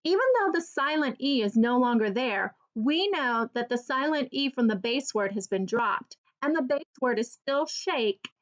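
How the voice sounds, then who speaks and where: A woman teacher giving an early reading lesson for children, slowly and clearly sounding out each word. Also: high voice, animated, dull audio.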